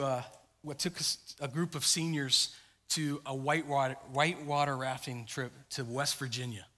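A man preaching a sermon as pastor, telling a story with lively acted-out quotes. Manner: storytelling, acts out quotes with big pitch jumps. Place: church sanctuary. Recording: long hall reverb.

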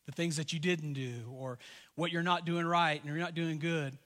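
A middle-aged man preaching a sermon as a pastor, earnest and animated, often stumbling and repeating words as he tells personal stories. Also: on the high side, moderate pace. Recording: long reverb of a large hall.

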